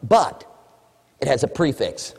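A man preaching a sermon, swinging between hushed asides and shouted emphasis. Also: mid-range voice, very animated, slow pace, vocal fry, slightly rough, long reverb tail.

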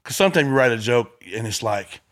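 A man who is a stand-up comedian, telling stories in casual chat, animated and profane, acting out the people in his stories. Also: medium pitch, a little fast.

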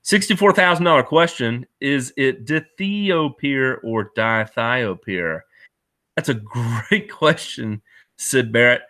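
A man's voice: medium pitch, animated, slow, bright, forceful tone. A man hosting a lawn care show, casually answering viewers' questions in a chatty, self-deprecating way with many fillers. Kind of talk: casual live-stream chat. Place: Knoxville area.

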